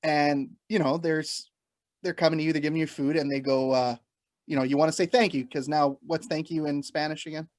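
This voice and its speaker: A man's voice: a little high, level tone, normal speed. A man from Canada co-hosting a casual beer podcast, telling stories, laughing a lot and swearing freely. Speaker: podcast co-host. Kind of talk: casual chat over beers.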